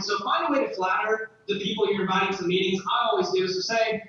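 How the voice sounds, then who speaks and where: A man's voice: high-pitched, quick pace, hardly any pauses, sharp tone. Young male trainer, laid-back slangy delivery, muffled dull recording from across a big reverberant room. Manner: casual, slangy, repeats key points for emphasis. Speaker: training speaker. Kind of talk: seminar talk. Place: large hall at a training event. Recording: very echoey hall, distant, dull sound.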